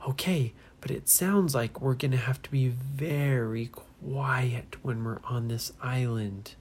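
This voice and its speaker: A woman voicing a young boy who leads his friends, speaking calmly and often in a whisper. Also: rumbling low, takes it slowly, slight background noise. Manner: calm, cautious, often whispering. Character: young boy adventurer, steady leader.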